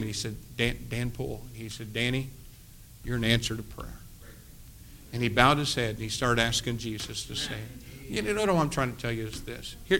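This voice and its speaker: A middle-aged man preaching a sermon, telling a story with acted-out voices and swinging between loud bursts and hushed asides. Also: medium pitch.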